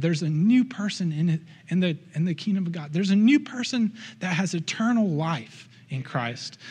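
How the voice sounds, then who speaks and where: A man's voice: a little high, slightly rough. Earnest male pastor preaching in church. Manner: earnest, conversational preaching with asides. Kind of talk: sermon.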